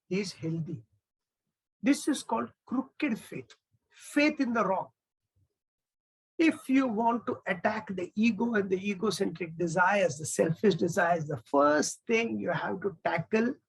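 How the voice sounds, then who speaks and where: Man, Indian English accent, spiritual discourse, gravelly, very husky voice. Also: high voice, low-quality recording. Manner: conversational, chatty asides, explains symbolism. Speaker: spiritual teacher. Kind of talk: religious discourse with storytelling.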